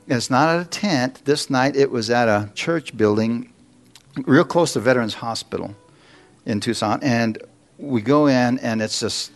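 A man's voice: medium pitch, vocal fry. A man preaching in church, telling a story with acted-out quotes and little jokes. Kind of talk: sermon testimony.

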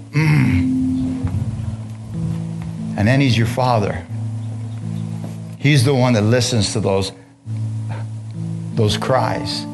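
A man with a mid-range voice preaches a sermon, reading from scripture and then breaking into casual, slangy asides and questions aimed at the congregation.

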